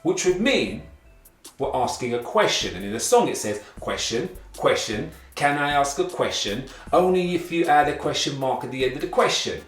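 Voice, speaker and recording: A man hosting a kids' grammar lesson, talking to the class in an energetic, encouraging way. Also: fairly high pitch, moderate pace, roomy sound, far from the mic, soft background music. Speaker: rapping teacher and show host. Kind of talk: upbeat grammar lesson for kids.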